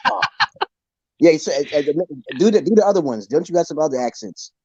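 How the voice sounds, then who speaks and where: A man hosting a casual call, loose and foul-mouthed as he prods his guest. His pitch is a little high and swings about lively. The audio comes through dull and lo-fi. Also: quick pace, noisy background. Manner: loose, swearing, prodding the guest. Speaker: host. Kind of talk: casual chat. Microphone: video call.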